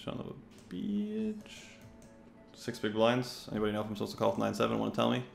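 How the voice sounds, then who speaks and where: A young man rambles through his poker hands in a loose, chatty stream commentary and swears freely. His voice sits low with a gravelly edge. It echoes around a roomy space over faint music. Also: level tone, very fast. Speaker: poker player and coach. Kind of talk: casual live-stream commentary while playing.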